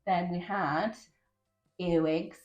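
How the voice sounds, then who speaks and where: A young woman in a casual chat as podcast co-host, teasing and lively. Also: on the low side, takes it slowly, lo-fi sound, soft background music. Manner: lively, teasing, bursts into animated outbursts. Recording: echoey room.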